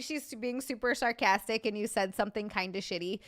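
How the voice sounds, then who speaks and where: Brisk and medium-pitched, this livestream host keeps a casual live chat going with animated talk and sarcastic humor. She swears without restraint and thanks viewers individually by name.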